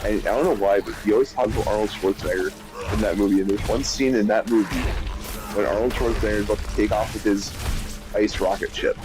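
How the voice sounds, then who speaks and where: A man's voice: on the low side, fast, over music, rough recording. A man chatting casually during a gaming session, rambling and often repeating and restarting his sentences. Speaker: streamer chatting while gaming.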